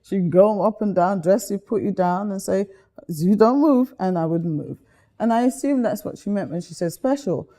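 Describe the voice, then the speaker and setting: A middle-aged woman from Guyana, a guest chatting casually in an interview, telling stories lively and acting out the voices she quotes. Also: medium pitch, moderate pace.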